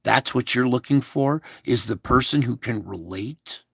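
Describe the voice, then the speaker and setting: A man's voice: medium pitch, measured pace, vocal fry, breathy edge, no echo. A man giving a devotional talk spoken in God's voice, blunt and conversational, with crude words and many coaxing questions to listeners. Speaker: devotional speaker.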